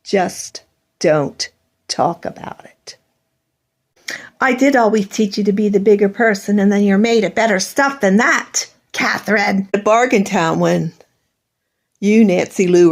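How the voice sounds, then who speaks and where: A woman's voice: mid-range voice, darkish tone. A middle-aged woman in an emotional monologue, bitter and accusing, rambling, her voice breaking into tears.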